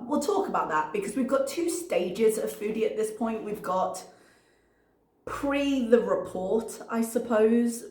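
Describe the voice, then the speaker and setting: A woman's voice: on the low side, darkish tone, echoey room. A woman commentator reacting to a video in a casual, analytical way, working through her notes with frequent ums.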